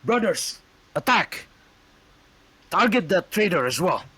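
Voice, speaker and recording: Man voicing a shouting fanatical Warforged soldier. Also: mid-range voice, slow pace, slightly rough, voice pushed up, heavily acted. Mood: commanding. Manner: shouting, accusing, zealous. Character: hostile male Warforged soldier, a fanatical construct.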